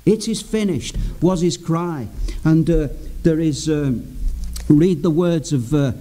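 A man's voice: fairly high pitch, slow pace, dark tone. A man preaching a sermon in an earnest, emphatic way, repeating key phrases for weight.

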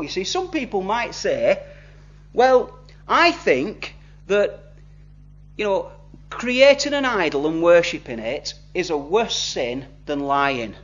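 High-voiced man preaching a sermon. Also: a bit bright. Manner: conversational preaching, acts out quoted speakers. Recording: slightly dull lo-fi recording.

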